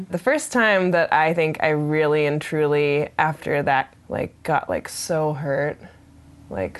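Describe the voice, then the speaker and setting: A young adult woman telling a personal story in a candid, rambling way, with frequent laughs, swearing and lots of filler words. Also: sits low.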